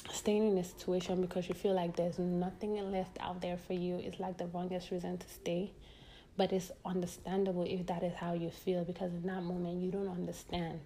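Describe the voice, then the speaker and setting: Candid woman with a gravelly low voice. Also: dark tone, slight background noise. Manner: candid, conversational, sharing personal stories. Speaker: podcast host. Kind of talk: casual advice monologue.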